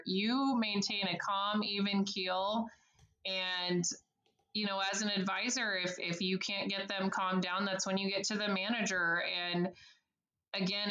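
A woman's voice: mid-range voice, pushed and bright. A bubbly woman answers interview questions about her work as a service advisor, laughing often between her points. Her voice sits in the middle of a woman's range. The room around her sounds roomy and echoey. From United States. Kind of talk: podcast interview.

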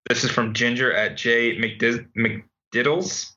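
A man's voice: mid-range voice, steady tone, slow pace, pushed and bright. A young man co-hosting a sports podcast, leading segments in joking casual chat. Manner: leads segments, joking, many ums. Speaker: podcast co-host. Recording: dull lo-fi home recording over call.

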